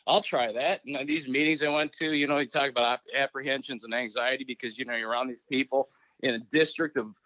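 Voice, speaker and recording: A former Minnesota hockey coach tells stories in a casual interview, animatedly acting out remembered conversations. His medium-pitched voice moves fast, and the recording is dry, dull, and lo-fi.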